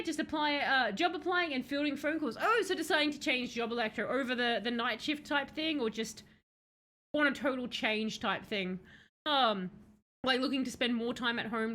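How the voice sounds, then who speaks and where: Chatty high-voiced woman streamer. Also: sharp tone, low-quality recording. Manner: chatty, reads game lines aloud, greets chat. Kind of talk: casual game streaming chat.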